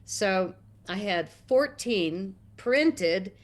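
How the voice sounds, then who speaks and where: A middle-aged American woman telling a long story in an interview, animated and acting out quotes with big jumps in pitch. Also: extremely slow. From United States. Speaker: interview guest.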